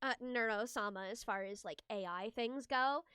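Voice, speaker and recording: A woman's voice: fairly high pitch, moderate pace, sharp tone, clear, resonant tone, dry recording, studio quality. A young woman streaming a game, chatting casually with her viewers and giggling often as she gushes her thanks.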